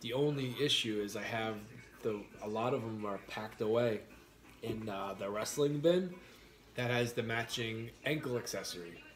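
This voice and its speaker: A man hosting a casual livestream, chatting with viewers and telling animated stories. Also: lowish voice, moderate pace. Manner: animated storyteller, acts out quotes loudly. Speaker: livestream host. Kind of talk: casual chat reading viewer comments.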